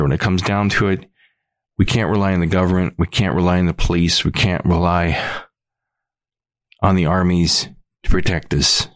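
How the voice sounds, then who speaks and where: A middle-aged man with a very deep voice hosts his podcast, rambling earnestly and often restarting his sentences. The sound is close and dry, with no room around it. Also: fairly even intonation, moderate pace, long pauses, no room sound. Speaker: podcast host. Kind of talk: rambling monologue.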